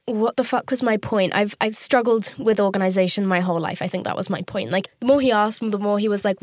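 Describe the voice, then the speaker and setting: This podcast host, a woman in her twenties, talks quickly and with few pauses in a mid-range, darkish, steady voice, recorded cleanly in studio sound with no echo. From her parked car, she spins a candid, profane story in a chatty way, acting out what others said.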